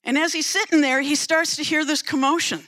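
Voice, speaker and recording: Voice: high voice, fairly even intonation, a little fast, bright, forceful tone. A preacher giving a sermon, retelling a story dramatically with emphatic repetition.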